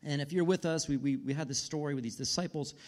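A man's voice: a little high, fast. Conversational man preaching a sermon. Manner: conversational storytelling with frequent restarts. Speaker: pastor.

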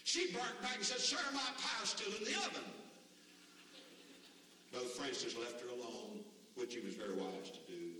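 A man preaching a revival sermon, telling folksy stories and rising to shouted emphasis, heard from a distance in a large church hall. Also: mid-range voice. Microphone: far from the mic. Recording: distant mic in a very echoey hall with faint noise.

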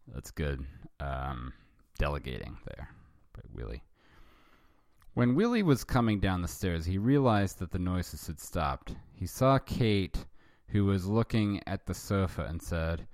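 A man's voice: deep voice, sing-song, measured pace, darkish tone, no echo, clean studio sound. A man hosting a fanfiction reading, narrating with wry, self-interrupting asides. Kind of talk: comic dramatic reading with asides.

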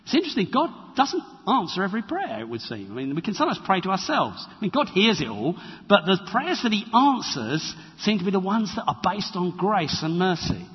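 A husky man preaches in a lively, high voice that swings up and down. His talk is conversational and animated. A long church reverb trails his words, and the recording is dull and lo-fi. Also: a little fast. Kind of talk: sermon. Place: church hall.

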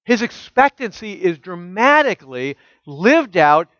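High-pitched guy preaching, lots of "isn't it?" questions, goes quiet on the scripture bits, dull lo-fi sound. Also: very animated, measured pace, no echo. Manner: emphatic, full of rhetorical questions, drops soft when quoting scripture. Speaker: pastor. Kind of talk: sermon.

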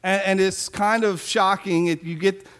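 Man in his forties, pastor, sermon, casual storyteller, light joking, high voice. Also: fairly even intonation, moderate pace, fairly bright tone, smooth. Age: 40s. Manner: conversational storytelling with self-deprecating humor.

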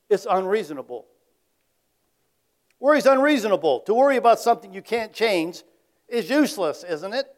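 High-voiced man preaching with rhetorical questions. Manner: conversational, asks the audience rhetorical questions; varies loudness, dropping to quiet tag questions. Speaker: pastor. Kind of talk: sermon.

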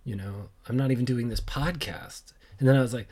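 A man hosts a casual solo podcast, rambling and joking at his own expense, full of fillers and asides that trail off. His voice is lowish and darkish in tone, and he talks quickly with hardly any pauses.

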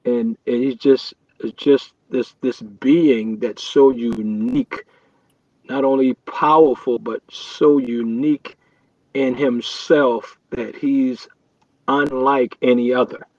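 A man's voice: mid-range voice, fairly even intonation, slow, a little mellow, dry recording. A man reflecting earnestly on a faith podcast, often restarting his sentences. His voice is recorded dry and close, with a slightly dull, lo-fi sound. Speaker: podcast co-host. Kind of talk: casual faith podcast chat.

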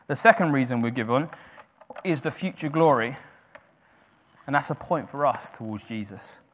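A man preaching a sermon, swinging from hushed, slow emphasis to loud, rising exhortation, correcting himself as he goes. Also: mid-range voice, lively intonation, slight background noise. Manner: self-correcting, with brief laughs.

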